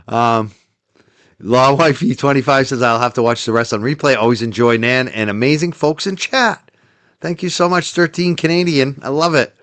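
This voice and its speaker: On his livestream, a man goes through super chats with easy laughter and casual chatter, thanking each viewer and often trailing off into quiet. His medium-pitched voice is smooth, and the audio has no echo.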